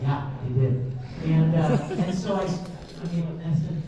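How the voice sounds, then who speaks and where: A man's voice: on the high side, unhurried, background noise. A man who voices cartoon roles answers fan questions at a convention panel, telling stories in a chatty way and laughing often. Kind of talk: animated storytelling in a Q&A. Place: large convention panel room with an audience. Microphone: filmed from a camera in the audience. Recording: echoey hall recorded from far off, dull sound.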